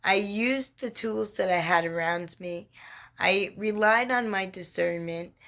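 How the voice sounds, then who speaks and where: A woman who works as a spiritual mentor, telling a personal story to camera in an unhurried, reflective and encouraging way. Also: mid-range voice, fairly bright tone.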